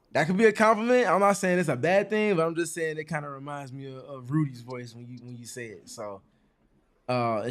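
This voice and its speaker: A man co-hosting a sports talk show in a studio, laid-back and joking, laughing between remarks. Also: fairly high pitch. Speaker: co-host. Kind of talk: casual sports chat.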